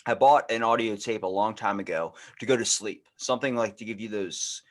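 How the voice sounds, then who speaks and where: A man's voice: lowish voice, a little fast. Joking, rambling male podcast host. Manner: rambling, jokey, tries impressions. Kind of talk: casual interview chat.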